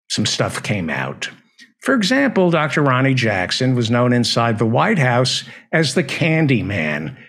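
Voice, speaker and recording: A man with a husky, slightly breathy voice, hosting a satirical news monologue. He talks in a sardonic, deadpan way, letting ironic pauses land. His pitch sits in an ordinary middle range for a man. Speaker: news comedy host.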